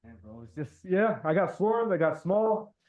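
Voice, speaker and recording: Man, talk show guest, hesitant, halting, profane, phone-like tinny sound. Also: sits high, sing-song, darkish tone. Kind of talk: casual chat.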